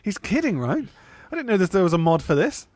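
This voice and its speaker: A man's voice: high-pitched, sing-song, fast, darkish tone, no room sound. A man voicing a timid, goofy young male army recruit who talks nervously and cracks jokes. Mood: wisecracking. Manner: nervous, wisecracking. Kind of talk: hobby script read-through.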